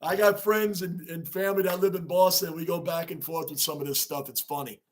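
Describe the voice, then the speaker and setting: A man hosting a casual livestream, reacting to a basketball game and chatting with viewers, getting excited and shouting at big plays. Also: high voice, a little fast, slight background noise. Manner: excitable, shouts at big plays, reads chat names aloud. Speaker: livestream host. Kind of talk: casual live-chat sports reaction.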